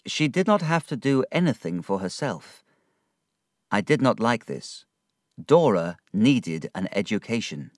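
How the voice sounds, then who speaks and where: A man narrating a storybook in a slow, expressive read. His voice rises and falls a great deal. The recording is close and dry. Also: on the low side, no room sound.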